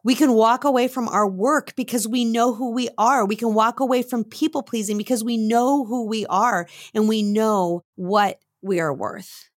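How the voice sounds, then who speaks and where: A woman co-hosting a podcast, giving earnest devotional teaching and slowing down for emphasis. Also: a little high, steady tone, dry recording, clean studio sound. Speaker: podcast co-host.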